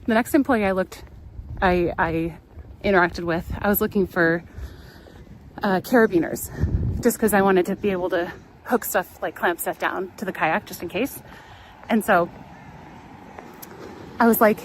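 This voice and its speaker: A woman's voice: mid-range voice, unhurried, pauses often, low-quality recording. Californian woman hosting a live travel stream from the car, chatty and rambling, laughs a lot, light road noise. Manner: chatty, rambling storyteller who laughs often. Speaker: travel livestream host. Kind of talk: casual chat while driving.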